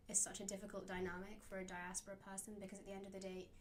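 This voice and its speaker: A woman's voice: medium pitch, flat delivery, very fast, a little hiss or hum. A young woman of the Indian diaspora, a guest talking in a chatty way with many fillers. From British Indian diaspora. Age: young adult. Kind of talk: conversational interview.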